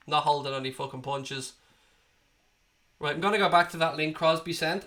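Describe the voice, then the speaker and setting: A man's voice: a little high, pushed and bright. A man in his late thirties from Dublin with an Irish accent, hosting a live football watchalong and chatting bluntly to his viewers, swearing freely and sounding a bit under the weather with a cold. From Ireland. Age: 30s. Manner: blunt and sweary, talks straight to chat. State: has a cold. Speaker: livestream host.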